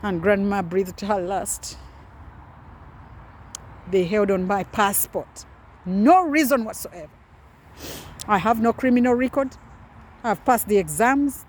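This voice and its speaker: A woman's voice: fairly low pitch, unhurried, darkish tone, slight background noise. A woman in her forties, a doctor, giving an impassioned personal testimony with emphatic repetition. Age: 40s.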